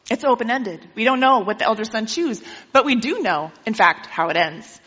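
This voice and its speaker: A woman preacher who tells a parable in a lively way during a sermon and keeps checking in with her listeners. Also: on the high side, moderate pace, few pauses. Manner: lively storytelling, asks listeners questions. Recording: dull with long hall reverb.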